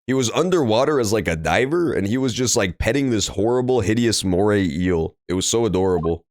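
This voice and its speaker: A man's voice: lowish voice, expressive, brisk, darkish tone, dry recording. A young man streaming a courtroom game, joking crudely and rambling while he plays. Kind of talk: casual let's-play commentary. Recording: dry room with faint game music.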